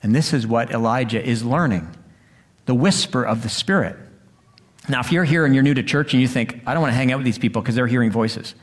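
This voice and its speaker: Animated male pastor preaching a sermon. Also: medium pitch, fairly quick. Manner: animated, acts out quoted voices, swings from loud to hushed. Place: church sanctuary.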